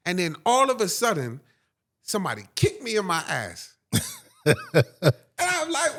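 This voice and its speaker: Pitched high and moving at a moderate pace, a man guesting on an interview show relates a personal tale. He keeps it animated and dramatic, often asking "right?"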